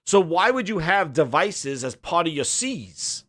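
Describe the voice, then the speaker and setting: An indignant male gaming streamer who rants in a slightly high, lively voice. He mutters while reading a web page, then swings up into sarcastic, swearing outbursts. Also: unhurried. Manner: muttering low while reading, louder when ranting.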